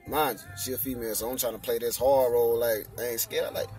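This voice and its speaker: Young man, casual storyteller with slang-heavy talk; middle pitch, soft music bed behind. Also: fairly even intonation, fast talker, far from the mic. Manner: slangy, repeats "you know what I'm saying". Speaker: faith vlogger sharing his testimony.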